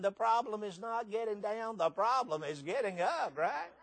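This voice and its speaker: A man preaching a sermon, swinging between loud emphatic lines and hushed, tender ones. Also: sits high, lively intonation, normal speed, no room sound. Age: 60s.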